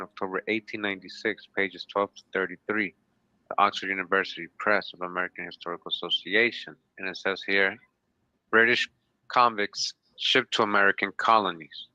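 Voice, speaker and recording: Male co-host reading history sources aloud with brief remarks. Bright, tense tone, muffled lo-fi recording. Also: on the low side, no echo. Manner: reads citations in full, short comments. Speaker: show co-host. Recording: dull, lo-fi sound.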